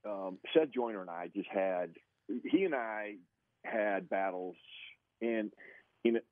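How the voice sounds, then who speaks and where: Lowish voiced ex football guy telling a story, laughs a lot, dry dull sound. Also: takes it slowly, dry recording. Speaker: former football player, guest. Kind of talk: casual storytelling.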